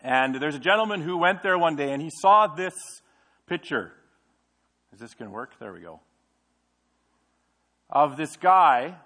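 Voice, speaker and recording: A man's voice: medium pitch, fairly bright tone. Middle-aged man preaching a sermon. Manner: conversational preaching, asks the congregation questions. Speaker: pastor. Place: church sanctuary.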